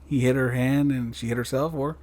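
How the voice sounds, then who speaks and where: A man's voice: medium pitch, fairly even intonation, a little fast, darkish tone. Blunt man co-hosting a casual podcast. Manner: blunt, opinionated. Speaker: podcast co-host. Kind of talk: casual chat.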